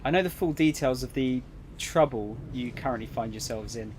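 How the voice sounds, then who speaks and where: A man's voice: mid-range voice, moderate pace, a little mellow, a little hiss or hum, close to an everyday voice. A man voicing a snide embassy agent. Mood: cool. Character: cool, snide adult male embassy agent.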